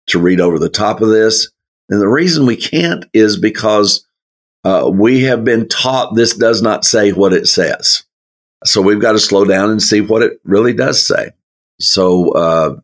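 A man leading a verse-by-verse Bible study, speaking in a slow, folksy way with chuckling asides. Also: deep voice, a bit bright. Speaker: Bible teacher.

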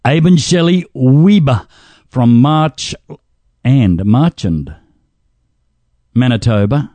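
A man's voice: mid-range voice, lively intonation, slow, pauses often, dark tone, no room sound. A man hosting a radio pledge drive, reading donor names in a jokey way and stumbling over the pronunciations. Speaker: radio host.

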